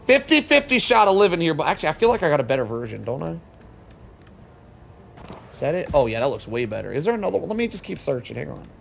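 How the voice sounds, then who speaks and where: A young man streaming a co-op shooter, joking with his chat and now and then bursting into shouts. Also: medium pitch, big pitch swings, fast talker, gravelly, pauses often, a little hiss or hum. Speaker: game streamer. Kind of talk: casual gaming stream chat.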